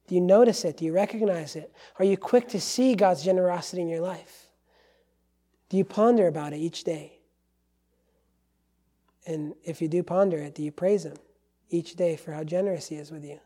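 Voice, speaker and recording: Emphatic male pastor, mellow voice. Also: on the high side. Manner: emphatic, swings from loud to hushed. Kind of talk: sermon.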